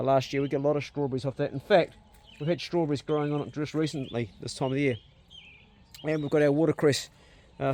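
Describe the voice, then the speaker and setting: A man's voice: a little high, a little mellow, slight background noise. A man with a New Zealand accent chatting casually as he walks around his rural homestead, filming on a handheld camera. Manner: chatty, matter-of-fact, casual swearing. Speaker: vlogger. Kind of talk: casual narration while working outdoors.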